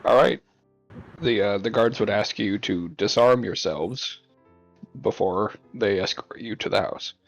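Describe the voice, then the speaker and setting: Guy running a tabletop game, low gravelly voice, takes his time, lots of ums. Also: no echo, lo-fi sound, soft background music. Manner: unhurried, with frequent ums. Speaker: game master.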